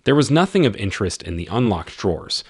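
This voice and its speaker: A man reading a scripted romance story as narrator, in an even, measured way. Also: lowish voice, breathy edge, no room sound, studio quality.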